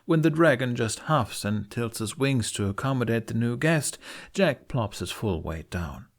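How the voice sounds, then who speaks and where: A man narrating a fan fiction audiobook with an expressive reading. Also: mid-range voice, measured pace.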